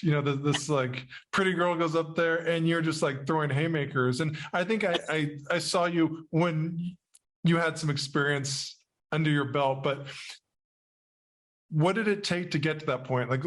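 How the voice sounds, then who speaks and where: A man hosting a podcast, asking questions with relaxed, joking asides. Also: fairly high pitch. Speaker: podcast host. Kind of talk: casual interview.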